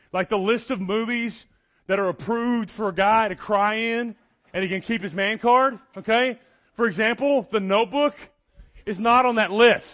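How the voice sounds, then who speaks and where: A middle-aged man, preaching an energetic, folksy sermon in a church and joking with the congregation. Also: high-pitched, muffled recording. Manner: folksy, animated, joking with the crowd.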